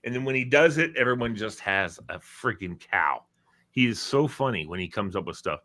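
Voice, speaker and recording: Male host, lively joke-teller, bright tone, laughs at his own punchlines. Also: fairly low pitch, moderate pace. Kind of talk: casual chat.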